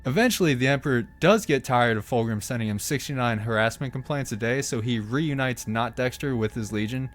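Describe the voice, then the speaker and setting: A man at a mid-range pitch tells a story with sarcastic, profane humor. He breaks in with quick offhand jokes. Faint music plays under his voice. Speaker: channel host. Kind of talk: irreverent comedic narration.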